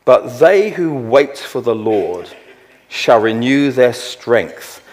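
A middle-aged man preaching a sermon, slowing down to read scripture verses with weight and emphasis. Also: mid-range voice, big pitch swings, a little mellow. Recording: long hall reverb.

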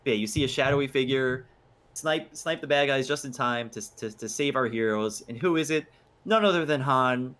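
A man's voice: medium pitch, moderate pace, a bit bright. A man co-hosting a movie podcast, recapping scenes eagerly with frequent restarts. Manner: enthusiastic, stumbling restarts. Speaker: podcast co-host. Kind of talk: casual movie recap chat.

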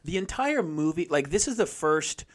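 A man's voice: fairly high pitch, very animated, normal speed. A man chatting casually about a film, agreeing often and filling his speech with "like". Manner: chatty, agreeable, heavy use of filler like. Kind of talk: casual movie chat.

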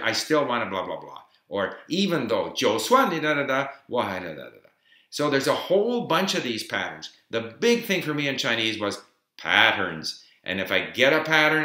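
A man's voice: medium pitch, sharp tone. A man giving an informal explanatory talk on learning a language, emphatic and dotted with fillers, sharing his own learning tips. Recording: roomy echo.

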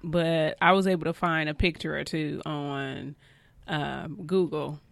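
A woman's voice: low voice, fairly even intonation, unhurried, creaky, no room sound. A woman from California co-hosting a casual chat, rambling and poking fun at herself. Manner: chatty, self-deprecating, rambling. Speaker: co-host.

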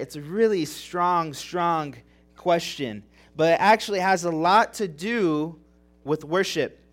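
A man's voice: on the high side, fairly bright tone. A young man preaching a sermon as pastor, earnest and emotional, repeating phrases and asking rhetorical questions. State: tearing up.

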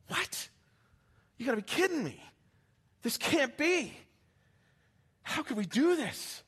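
A male preacher playing a bewildered pilgrim at Pentecost, soft and raised in pitch, tumbling out incredulous questions.

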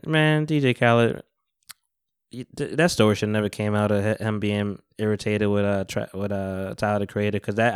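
A man's voice: mid-range voice, fairly bright tone, clean tone, no echo, clean studio sound. A young man hosting a podcast, talking in a loose, rambling way with plenty of slang and cursing. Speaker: podcast host. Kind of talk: casual chat.

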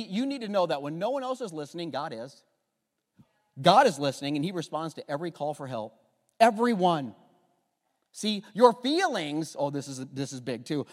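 A man preaching a sermon as pastor, passionate, moving from hushed, intimate moments to loud emphatic lines. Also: on the high side, big-room sound. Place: church sanctuary.

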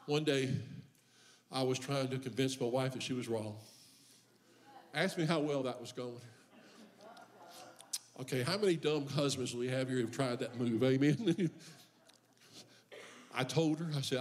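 A man's voice: mid-range voice, a little slow, pauses often. A male pastor preaching a sermon in church. He mixes humorous personal stories with impassioned refrains that build in force. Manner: humorous storytelling about his own life.

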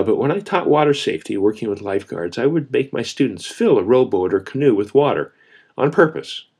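A man's voice: medium pitch, darkish tone, slightly rough. A man preaching a sermon as a pastor, earnest and repeating key phrases for emphasis.

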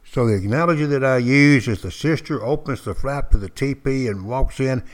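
An older man, a former Marine, telling stories in a folksy way with dramatic pauses, speaking directly to his listeners. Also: medium pitch. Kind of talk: spoken storytelling to listeners.

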